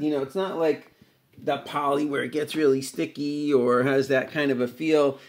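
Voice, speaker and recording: A middle-aged man chatting casually as he walks through a home guitar repair, rambling with many fillers. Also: a little high. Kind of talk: casual workshop vlog.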